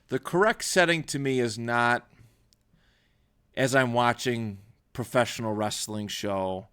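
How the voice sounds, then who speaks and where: A man's voice: medium pitch, fairly bright tone, clear, resonant tone. A man hosting a podcast, talking casually and emphatically, restarting his sentences often as he rambles. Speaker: podcast host. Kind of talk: casual solo podcast talk. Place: small recording studio.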